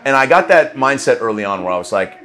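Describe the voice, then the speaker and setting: An earnest man reflects out loud as he hosts his own podcast, often restarting his sentences and swearing casually. His voice sits at an ordinary middle pitch for a man. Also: sing-song, fast talker, slight background noise. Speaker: podcast host. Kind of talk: casual solo recap.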